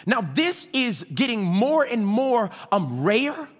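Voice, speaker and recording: A pastor with children preaching a sermon fervently, swinging between shouting and hushed tones and calling on the congregation to respond. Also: male voice, very high voice, big pitch swings, takes it slowly. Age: adult with children.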